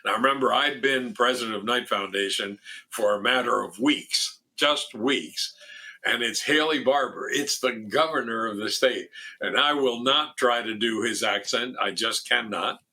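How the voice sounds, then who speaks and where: A man's voice: medium pitch, moderate pace, pushed and bright. An older man, a former foundation president, telling a story in an interview, quoting others with a raised voice and often restarting his sentences. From Miami.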